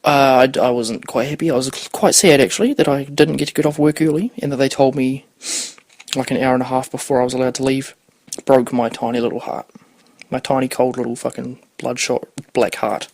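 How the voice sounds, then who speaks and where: A man's voice: mid-range voice, fairly even intonation, fairly quick, a little mellow, no room sound. Rambling young man, dry close sound. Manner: rambling, swears freely, loses his thread. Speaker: podcast host. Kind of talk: casual rambling chat.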